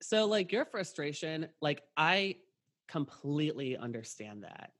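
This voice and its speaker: A man's voice: on the high side, big pitch swings, a little slow, fairly bright tone. A man hosting a podcast, talking casually and rambling, with lots of "like" and re-enacted conversations. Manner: rambling, heavy on fillers and re-enacted dialogue. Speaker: podcast host. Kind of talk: casual chat.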